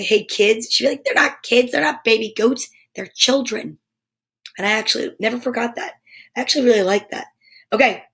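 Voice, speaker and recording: A woman hosting a live story time show, chatting casually with viewers in a bubbly, playful way and reading tongue twisters aloud. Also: fairly high pitch.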